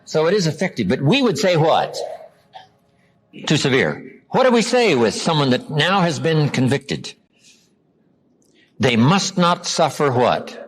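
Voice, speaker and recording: An older American man, a motivational speaker, giving a live seminar lecture to an audience, asking rhetorical questions and repeating key words with slow, drawn-out emphasis. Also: fairly high pitch, sing-song, slightly rough. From United States. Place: large hall with a live audience. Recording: live hall recording with long reverb.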